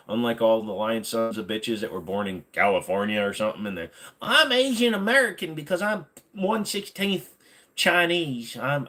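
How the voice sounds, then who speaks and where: A man hosting a casual livestream chat, rambling and joking as he answers viewers' questions. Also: lowish voice.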